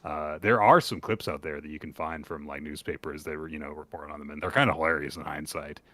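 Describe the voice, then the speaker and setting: A man's voice: rumbling low, fairly even intonation, fast, a bit bright, no echo. A man co-hosting a podcast in casual, rambling chat, laughing between phrases. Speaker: podcast co-host.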